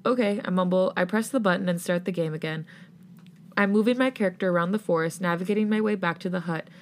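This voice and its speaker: Host narrator, woman, low and steady reading voice. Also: quick pace. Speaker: podcast host. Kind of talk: reading fan fiction aloud.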